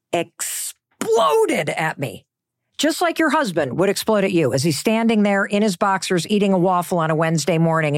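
A woman's voice: mid-range voice, no echo, studio quality. A middle-aged woman giving a motivational talk, emphatic and conversational, sometimes dropping into a whisper for effect. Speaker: motivational speaker.

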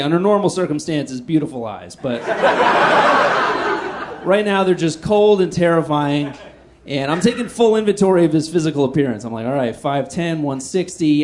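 A man performing stand-up, telling a story in a self-deprecating, animated way and swinging between loud outbursts and hushed asides. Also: on the high side. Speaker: stand-up comedian.

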